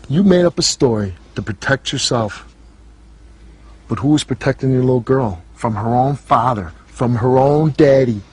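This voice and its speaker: A man's voice: medium pitch, a little mellow, breathy edge. A man hosting a talk show, lecturing a guest in a harsh, accusing way and repeating words for emphasis.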